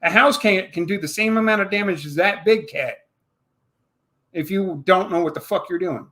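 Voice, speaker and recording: A man's voice: high voice, normal speed, bright, forceful tone. A man from Puerto Rico in a casual chat, teasing, swearing and laughing often.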